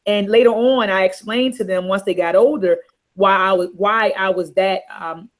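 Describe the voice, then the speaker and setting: A middle-aged woman on a talk panel, telling a personal story in a candid, earnest and softly emotional way. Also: mid-range voice, moderate pace. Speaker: panel host.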